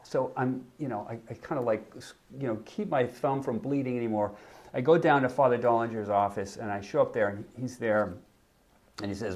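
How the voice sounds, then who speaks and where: A man in his sixties, a podcast guest, telling an animated anecdote in casual chat with frequent restarts. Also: mid-range voice, brisk. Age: 60s. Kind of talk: casual storytelling.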